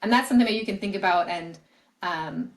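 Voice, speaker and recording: A woman's voice: fairly low pitch, fast talker, poor audio. A woman career coach, a podcast guest, explaining her advice earnestly and often restarting phrases. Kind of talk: podcast interview answers.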